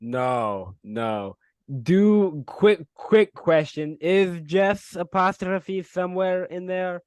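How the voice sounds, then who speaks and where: A man's voice: high voice, animated, slow, clear, resonant tone, no room sound. A man playing a tabletop game, talking in a wry, joking way. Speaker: player. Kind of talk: casual tabletop play.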